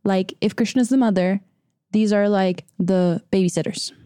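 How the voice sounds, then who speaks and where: A woman's voice: medium pitch, steady tone, normal speed, dark tone, clear, resonant tone, no echo, studio quality. A woman from Venezuela with a Venezuelan accent, co-hosting a casual spiritual discussion and often searching for words. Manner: searching for words, repeats herself. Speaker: podcast co-host.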